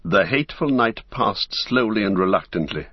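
Brief: solemn audiobook narrator, man, low voice, somewhat dull sound. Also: lively intonation, slightly rough, dry recording. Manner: measured, solemn storytelling. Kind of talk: scripted narration of a novel.

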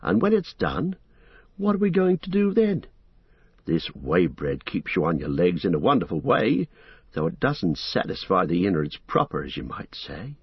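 A man's voice: low-pitched, huge pitch swings, normal speed, creaky, husky, no echo, heavily acted. A man reading the part of a loyal, blunt male hobbit servant with homely country speech, on a dull lo-fi recording. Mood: practical. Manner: plain-spoken, homely country talk.

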